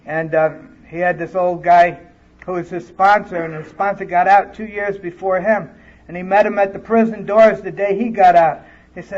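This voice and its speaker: His voice sits high with a steady, darkish tone and a moderate pace. A man from California, he shares his recovery story plainly and earnestly at a conference, speaking to a live audience in the hall, recorded on dull lo-fi tape.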